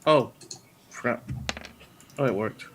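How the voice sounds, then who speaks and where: A man's voice: mid-range voice, slow pace, noisy background. A man playing a tabletop game, chatting casually and thinking aloud about his moves. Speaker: player.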